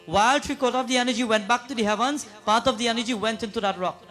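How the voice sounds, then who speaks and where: A high-pitched man preaching a sermon at a prayer gathering, retelling a devotional story. He turns often to the listeners with questions and slips into sung verses, with soft music faint behind him. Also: fast, hardly any pauses. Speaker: pundit.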